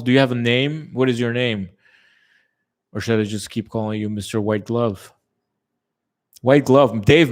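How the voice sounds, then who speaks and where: A man chatting casually with viewers, rambling and swearing freely, with many fillers. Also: fairly low pitch. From lives in a tourism-based place, has lived abroad. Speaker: channel host chatting with viewers. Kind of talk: casual live chat.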